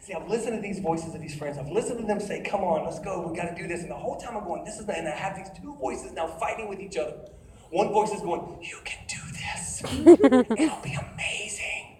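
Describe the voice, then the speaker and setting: A man's voice: sits high, fast talker, a little hiss or hum. A man giving a humorous sermon-style story to a live audience, acting out voices and laughing often. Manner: animated, acts out quoted voices, laughs often. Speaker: speaker at a youth conference. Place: large hall with live audience. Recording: echoey hall from far off, loud audience.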